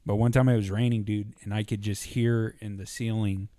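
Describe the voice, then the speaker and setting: A man's voice: on the low side, little pitch movement, normal speed, dark tone, no echo. Laid-back young man, dry close mic. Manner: laid-back, swears often. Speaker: podcast co-host. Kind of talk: casual chat.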